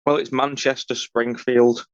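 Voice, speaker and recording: A man's voice: mid-range voice, flat delivery, unhurried, no room sound. A man co-hosting a podcast, giving dry, matter-of-fact commentary in casual chat. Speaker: podcast co-host. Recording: dull lo-fi recording.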